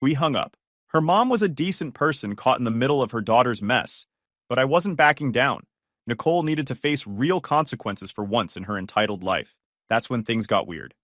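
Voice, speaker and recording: A man narrates a scripted first-person story with a wry, scornful edge. His pitch moves a lot and stays animated. The sound is dry and close to the mic. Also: moderate pace, dry recording.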